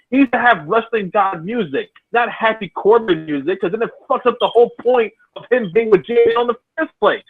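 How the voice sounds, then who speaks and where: A man co-hosting a casual podcast by remote call, ranting and swearing freely. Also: extremely high pitch. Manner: profane, ranting. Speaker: podcast co-host. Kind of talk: casual chat. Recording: tinny phone-like line, dry.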